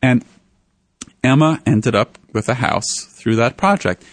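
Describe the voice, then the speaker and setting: A man, an author, telling stories in an interview in an animated way. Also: unhurried, no room sound. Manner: animated, voices the people in his stories with raised pitch. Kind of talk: storytelling in a radio interview.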